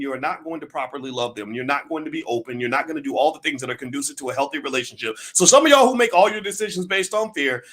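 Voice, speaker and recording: Emphatic male finance commentator, bright forceful voice, raised pitch. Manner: emphatic, rising to near-shouts, rhetorical questions. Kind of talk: preachy talk to camera.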